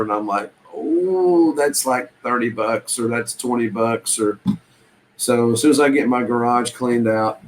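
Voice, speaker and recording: A Southern US man with a mid-range voice chats casually on a live stream about reselling, rambling in a folksy way full of ums and restarts. The recording is rough, with a little hiss or hum.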